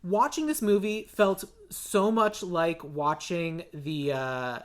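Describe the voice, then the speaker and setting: Podcast co-host, sarcastic, exasperated, mid pitch, casual chat. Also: slow pace. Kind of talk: casual movie review chat.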